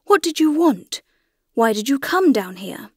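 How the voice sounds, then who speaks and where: A woman voicing a startled, stern gentleman in an audiobook, asking urgent questions. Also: high-pitched, very animated, measured pace, husky, dry recording, clean studio sound, voice pushed up, heavily acted. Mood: alarmed. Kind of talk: audiobook character reading.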